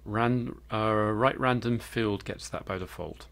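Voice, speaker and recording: Slow, low-voiced man thinking aloud while coding. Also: a bit bright. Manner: thinking aloud, hesitant with fillers. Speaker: programmer. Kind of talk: live coding commentary.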